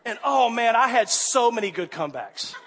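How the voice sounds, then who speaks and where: Male pastor, sermon storytelling, high voice, long hall reverb, animated. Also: moderate pace, a little hiss or hum. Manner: animated, swings from quiet to loud exasperation.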